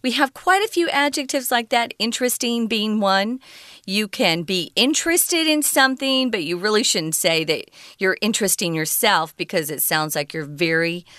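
Female English teacher, smooth clear voice, dry close sound, patient explainer. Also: mid-range voice, lively intonation, moderate pace, a bit bright, dry recording. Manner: explains word usage patiently with fillers. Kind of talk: conversational language lesson.

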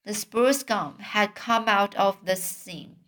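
A woman's voice: mid-range voice, takes it slowly, fairly bright tone. A woman reading a children's storybook aloud and then commenting on it, hesitant and full of fillers when she speaks freely. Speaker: reader.

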